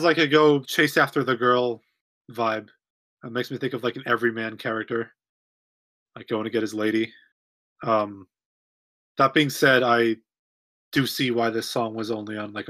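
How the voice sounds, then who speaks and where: Co-host, man, bright forceful tone, laid-back song opinions. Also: medium pitch. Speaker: podcast co-host. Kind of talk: casual music review chat.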